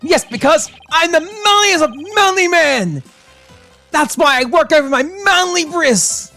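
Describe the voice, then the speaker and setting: A woman voicing a loud, overeager young woman who acts macho, shouting every line until her voice strains. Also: very high voice, animated, measured pace, faint music behind, voice pushed up, full character voice. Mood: pumped up.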